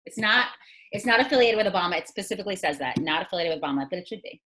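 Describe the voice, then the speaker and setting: Animated, fast-talking woman comedian. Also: fairly low pitch, low-quality recording. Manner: animated storytelling, profane. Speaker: comedian co-host. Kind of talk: casual comedic chat.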